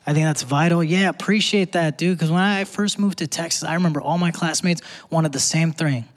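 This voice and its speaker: High-voiced man doing stand-up. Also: a little fast. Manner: conversational, punchy delivery with asides to the crowd. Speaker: stand-up comedian. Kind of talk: stand-up comedy set. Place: theater stage before a live audience. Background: audience laughter and faint room noise.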